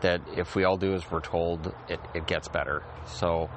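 A man's voice: low-pitched, fairly even intonation, normal speed, background noise. A man hosting a casual solo show, rambling in an easygoing way, repeating phrases and restarting his sentences. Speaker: podcast host. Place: outdoors in a backyard.

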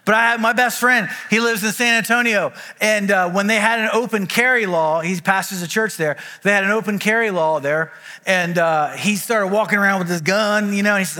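A man preaching a sermon as pastor, telling stories in a conversational way with quick asides. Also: sits high, pushed and bright, long reverb tail. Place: church auditorium.

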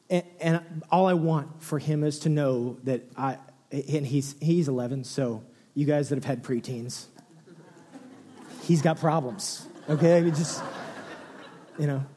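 Animated male preacher in a reverberant hall. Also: slow pace, long pauses, slight background noise. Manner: animated storyteller, swings from low and hushed to excited near-shouts. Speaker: pastor. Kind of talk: sermon.

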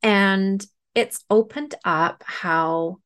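A woman podcast host and medium telling a personal story in a casual, animated way, acting out the dialogue. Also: mid-range voice, extremely slow. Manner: animated retelling with acted-out dialogue.

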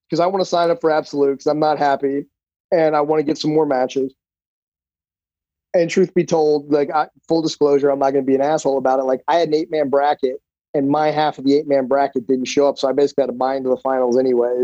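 A man's voice: a little high, steady tone, quick pace, dark tone, no room sound, lo-fi sound. A man, a jiu-jitsu instructor on a podcast, telling stories casually with loose, profane talk and many fillers. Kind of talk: casual storytelling.

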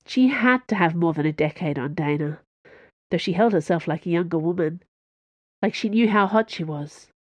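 A woman narrating a science fiction novel in an expressive storytelling voice with dry wit. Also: lowish voice, normal speed, no echo.

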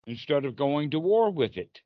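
A man's voice: on the high side, sing-song, normal speed, dry recording. A man teaching Buddhist meditation on a group video call, playful and encouraging as he acts out inner dialogue. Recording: dull lo-fi call audio.

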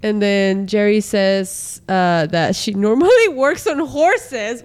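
A woman's voice: mid-range voice, expressive, takes it slowly, hardly any pauses, clear, resonant tone. A woman casually recapping a show with a friend, laughing often and swearing as she acts out lines.

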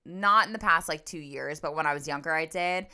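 A woman's voice: low-pitched, a little fast, bright, forceful tone, smooth. A young woman co-hosting a casual podcast chat, chatty and self-mocking, swearing and quoting people. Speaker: podcast co-host.

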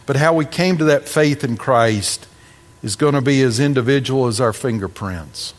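A man's voice: medium pitch, moderate pace. Preaching man in a reverberant church. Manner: preaching with dramatic emphasis and humorous asides. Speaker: pastor. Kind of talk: sermon.

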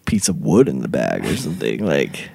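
A man's voice: rumbling low, wildly swooping pitch, moderate pace, vocal fry, warm tone, husky, no room sound. A man co-hosting a podcast in casual chat, joking and teasing the others.

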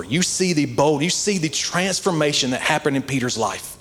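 A man's voice: medium pitch, expressive, a little fast, few pauses. A man preaching a sermon, telling a story conversationally and building to earnest, passionate exhortation. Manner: conversational storytelling with many "like" fillers.

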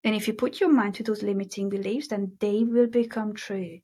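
A woman's voice: medium pitch, steady tone, normal speed, mellow, slightly rough. A woman with a Hungarian accent, a guest in a casual interview, talking earnestly and emphatically, often repeating her key phrases. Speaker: guest, mindset coach.

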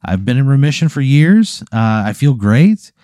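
A man voicing a cheerful, friendly woman on a date, pitching his voice up brightly. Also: very animated, normal speed, dry recording, clean studio sound, natural voice.

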